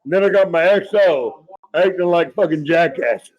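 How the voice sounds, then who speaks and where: A man's voice: sits high, normal speed, dull audio. A former Marine guest on a casual podcast, teasing crudely and laughing through his words.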